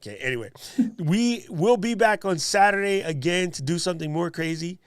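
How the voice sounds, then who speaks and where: A man's voice: sits high, expressive, brisk, clear, resonant tone, dry recording, studio quality. A man hosting a livestream in a casual, joking way. He laughs often as he thanks his guest and talks to viewers. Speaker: livestream host.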